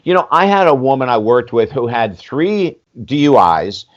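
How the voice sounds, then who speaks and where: An older man in his sixties tells a personal story in a podcast interview, his pitch sitting in an ordinary middle range. He talks candidly and animatedly, acting out the voices of people he quotes and peppering his speech with "you know." The audio is slightly dull and lo-fi. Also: moderate pace. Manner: animated, acts out quoted dialogue, frequent "you know", casual swearing. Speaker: podcast guest, life coach.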